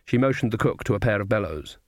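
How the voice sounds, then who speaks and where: A man narrating an audiobook in measured storytelling. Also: lowish voice, animated, no room sound, clean studio sound. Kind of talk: scripted narration.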